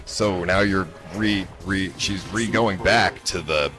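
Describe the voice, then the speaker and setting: A man's voice: low-pitched, takes it slowly, sharp tone, faint music behind. A man streamer telling a story to his chat in a casual, rambling way, exasperated and full of fillers and restarts. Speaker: livestreamer.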